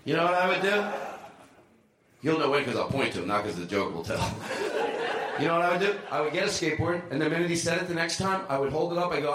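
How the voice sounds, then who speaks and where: A man's voice: fairly high pitch, expressive, fast, echoey room, background noise. A man hosting a live comedy show, rambling and joking with lots of profanity and laughter. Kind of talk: loose live comedy banter.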